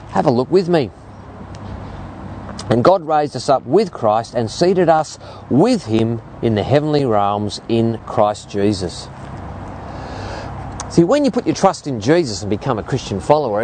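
A man in his fifties with an Australian accent, preaching a sermon and telling stories to make his point. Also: a little hiss or hum. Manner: animated storytelling preacher, lively rises and drops in pitch.

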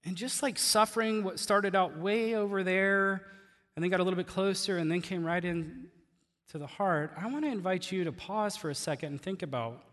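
A man preaching in a high, bright voice, animated and conversational, with easy laughs between points. His sermon rings out with a long echo in a church hall. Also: normal speed. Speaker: pastor.

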